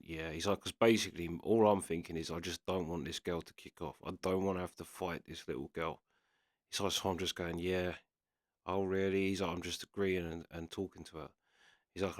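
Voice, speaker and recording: A man with a very low voice casually retells a story, quoting his friend over and over as he goes. The recording is dry and close, with no room sound. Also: a bit bright, dry recording. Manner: retells a story with constant "he's like" quotes. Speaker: reaction video host.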